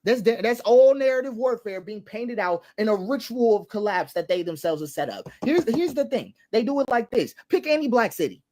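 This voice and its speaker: A man's voice: very high voice, very animated, normal speed, few pauses, a little mellow. A man hosting an online show, delivering impassioned political commentary with emphatic repetition and long lists. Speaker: commentary host.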